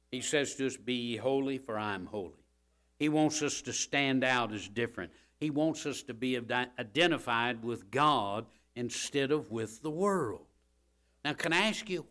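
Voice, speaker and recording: A male preacher, delivering a fiery sermon that swells into loud, impassioned shouting and repeats its phrases. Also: medium pitch.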